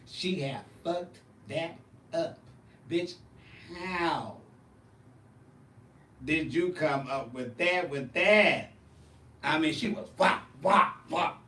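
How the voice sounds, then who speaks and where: A man with a higher-than-usual voice, chatting casually with viewers as a drag performer and show host. He tells animated, profane stories, and he sits back from the mic in a roomy space. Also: slow, long pauses, recorded from a distance, slight background noise. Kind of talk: casual chat answering viewers.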